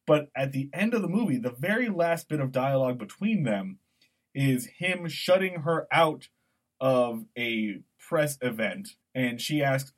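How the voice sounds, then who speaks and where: A man co-hosting a podcast, talking through a film scene in an animated, digressive way. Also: mid-range voice, measured pace. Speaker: podcast co-host. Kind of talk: conversational podcast discussion.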